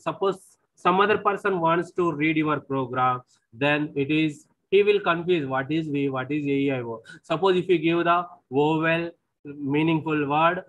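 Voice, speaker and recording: A man's voice: on the high side, a bit bright, rough recording. A man with an Indian English accent giving a recorded lecture on programming, explaining step by step, often repeating himself and saying "see".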